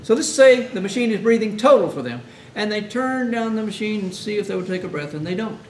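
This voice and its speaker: A man's voice: high-pitched, brisk. A male hospital chaplain instructor giving a conversational lecture, telling stories and acting out what families say. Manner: animated storytelling, acting out families' words. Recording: echoey room, mic at a distance, faint hiss.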